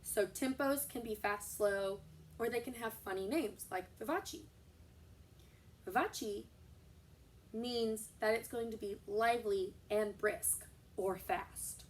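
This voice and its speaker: A woman teaching a recorded music lesson for young children, explaining terms slowly and patiently. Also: medium pitch, distant mic, slight background noise.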